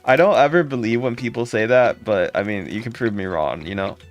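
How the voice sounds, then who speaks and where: A man hosting a casual live stream, thanking and greeting viewers by name in quick upbeat bursts. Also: faint music behind. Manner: upbeat, jumps into high excited calls when thanking donors. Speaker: livestream host.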